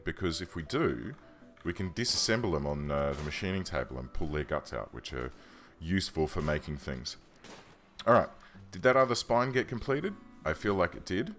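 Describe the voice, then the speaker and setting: A man's voice: low-pitched, very animated, normal speed, a bit bright, soft background music. A man hosting a let's play, chatting casually and thinking aloud as he plays, often correcting himself mid-sentence. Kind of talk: casual game commentary. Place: home room.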